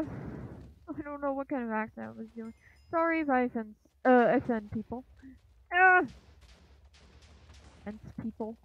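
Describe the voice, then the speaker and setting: A woman giving casual commentary while she plays a video game. She sounds unsure and apologetic, uses many fillers, and urges the game on with quick repeated shouts. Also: fairly high pitch, lively intonation. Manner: hesitant and apologetic, lots of fillers. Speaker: gaming channel host. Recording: tinny lo-fi, phone-like sound.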